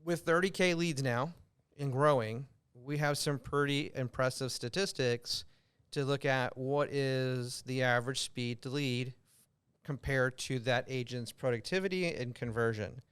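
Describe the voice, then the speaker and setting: An American man hosting a podcast, giving advice in a loose, filler-heavy way that gets animated when he makes a point. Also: mid-range voice, a little slow, smooth. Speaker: podcast host, real estate coach. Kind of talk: casual podcast chat giving tips.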